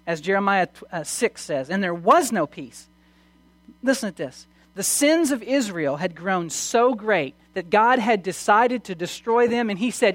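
A preacher giving a sermon, reading scripture slowly and swinging between hushed and loud emphasis, with frequent restarts. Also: mid-range voice, animated, no echo. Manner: reads scripture aloud slowly.

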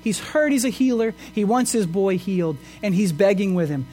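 A man's voice: sits high, animated, moderate pace, few pauses, warm tone, soft background music. A man pastor preaching a sermon in an earnest way, asking his listeners questions. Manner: earnest, asks the congregation rhetorical questions.

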